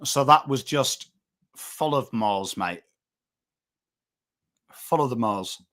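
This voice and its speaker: A man in his thirties from England, with a northern English accent, hosts a live footy watchalong and chats casually with viewers. His mid-range voice is a bit bright, with lively intonation and a slow pace. He's chatty and rambling, swears casually, and reads out names from the chat.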